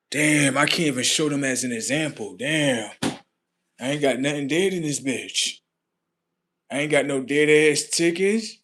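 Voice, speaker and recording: Guy ranting on stream, cussing, rambling, mid pitch, bright voice. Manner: profane, rambling, self-arguing. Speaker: live streamer. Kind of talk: comedic rant skit.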